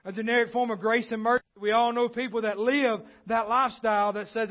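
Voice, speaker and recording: High-voiced preacher, emphatic. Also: male voice, steady tone, brisk, few pauses, muffled recording. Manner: emphatic, repeats key phrases, swings between loud and quiet asides. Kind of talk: sermon. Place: church.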